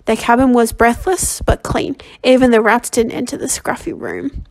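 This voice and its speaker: Lady reading a storybook out loud, fairly high voice, slightly sick, trips over words and backs up to fix them. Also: vocal fry. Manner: halting reading with frequent self-corrections. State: slightly ill and under the weather. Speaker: volunteer audiobook reader. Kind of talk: amateur novel reading.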